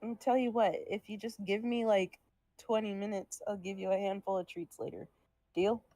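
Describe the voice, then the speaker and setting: A young woman streams a drawing session and chats casually, using a sing-song voice with her cat and sounding a little out of breath as she recovers. Her voice is medium-pitched, steady and darkish, at a normal speed with no echo.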